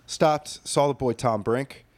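A man's voice: medium pitch, takes it slowly. A man co-hosting a podcast, telling a story in a laid-back way and swearing often. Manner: laid-back, swears a lot, animated when telling stories. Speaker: podcast co-host. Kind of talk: casual storytelling.

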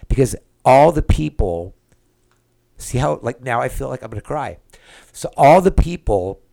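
A man's voice: mid-range voice, vocal fry. A man hosting his own podcast, talking through a personal reflection in an earnest way. He searches for words as he goes and keeps checking in with the listener. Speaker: podcast host.

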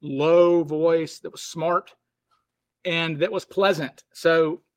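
Man, higher pitch, from the south, podcast host, relaxed conversational talk. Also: slow. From American South. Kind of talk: casual podcast interview.

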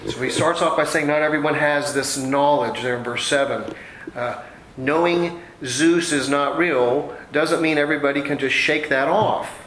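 Guy preaching a sermon, chatty and down to earth, kinda high voice, roomy echo. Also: fairly even intonation, moderate pace, fairly bright tone, slight background noise. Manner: conversational preaching with homey anecdotes. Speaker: pastor. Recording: echoey room with faint ambience.

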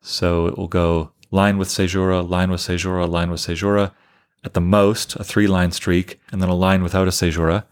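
Delivering a lecture on poetic meter, this literature teacher speaks with a deep, smooth voice, a level tone, and a moderate pace. He explains things step by step and counts aloud as he works through the material.

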